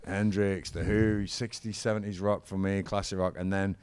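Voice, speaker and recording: With a low, slightly mellow voice that sounds clear and resonant, a middle-aged man speaks at a moderate pace with flat delivery. He is a former football manager and musician telling stories in a casual interview, enthusiastic and rambling.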